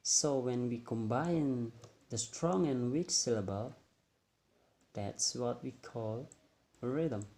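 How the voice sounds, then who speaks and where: A young man whose first language is Indonesian, giving a classroom-style explanation as a student presenter, halting and repeating words as he goes. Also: medium pitch, warm tone. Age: young adult.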